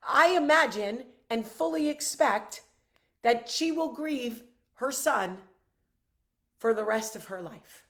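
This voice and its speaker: A middle-aged woman hosting her own vlog, talking candidly to viewers, blunt and emphatic with frequent swearing, earnest and reassuring. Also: on the high side. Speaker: vlog host.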